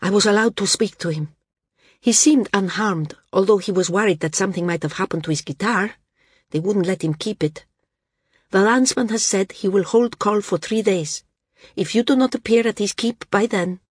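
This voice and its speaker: A woman reading a brisk, urgent messenger. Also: medium pitch, husky, no room sound, studio quality, voice pushed up, close to an everyday voice. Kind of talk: audiobook character reading.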